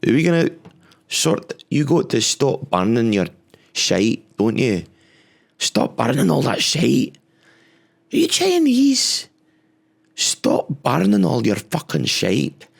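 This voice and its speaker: A man's voice: mid-range voice, wildly swooping pitch, takes it slowly, creaky, pauses often, slightly rough, voice pushed up, full character voice. Man doing a brash sweary Glaswegian bloke. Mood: hectoring. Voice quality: loud, blunt and sweary.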